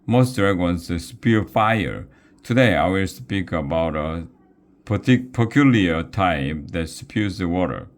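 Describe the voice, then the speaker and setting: A man's voice: deep voice, animated, slow pace. A man voicing a fussy old professor who sputters as he lectures. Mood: lecturing.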